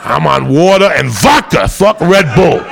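Gravelly, profane stand-up comic. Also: male voice, on the high side, very animated, unhurried, over music. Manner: loud, profane, shouts punchlines. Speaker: stand-up comedian. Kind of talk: stand-up storytelling.

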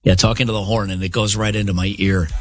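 A man's voice: lowish voice, little pitch movement, fast, over music. A man in his fifties co-hosting a podcast, telling self-mocking stories and acting out what people said in casual comedic chat. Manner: storytelling, self-mocking, acts out quotes. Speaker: podcast co-host.

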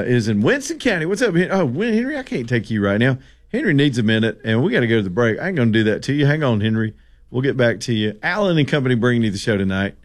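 A man hosting a radio call-in show, joking and bantering with callers. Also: medium pitch. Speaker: radio talk show host. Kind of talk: casual call-in radio chat.

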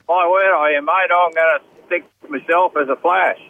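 A man's voice: on the high side, steady tone, moderate pace, vocal fry, narrow, tinny audio. A man with an Australian accent, a farmer phoning in to a radio show and chatting in a laid-back way. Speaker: caller, farmer. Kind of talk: casual phone-in chat.

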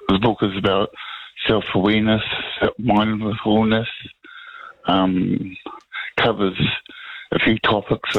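Raspy, gravelly 60s New caller. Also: male voice, lowish voice. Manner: halting, restarts often, rambling. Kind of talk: talkback phone call. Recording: muffled phone line.

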